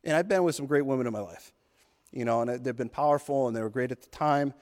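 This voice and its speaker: A man's voice: medium pitch, fast talker, darkish tone. A man in his thirties hosting a podcast, delivering an intense, profane motivational monologue. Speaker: podcast host. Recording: long hall reverb.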